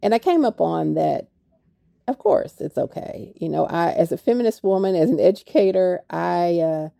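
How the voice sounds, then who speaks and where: A woman's voice: fairly low pitch, animated, normal speed, creaky, no echo, clean studio sound. An older woman, an author talking reflectively in a radio interview. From Kentucky. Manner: reflective, soft-spoken, with fillers. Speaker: author guest.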